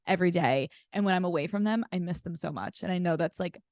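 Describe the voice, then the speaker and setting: Animated woman telling stories, dry close mic. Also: on the low side, fast talker, no echo. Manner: animated storyteller acting out quotes. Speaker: podcast guest. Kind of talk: casual chat.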